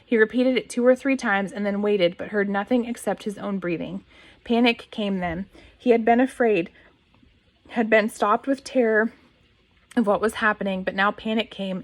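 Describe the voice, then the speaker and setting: A woman reading a novel aloud at a mid pitch. Her reading is plain and steady, with occasional restarts and a cleared throat now and then. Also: normal speed. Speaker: reader.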